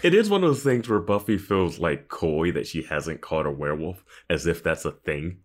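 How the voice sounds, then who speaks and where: A man's voice: low voice, animated, moderate pace. A man co-hosting a podcast, joking and laughing as he comments on a TV episode, with casual swearing. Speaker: podcast co-host. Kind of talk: casual chat reviewing a TV episode.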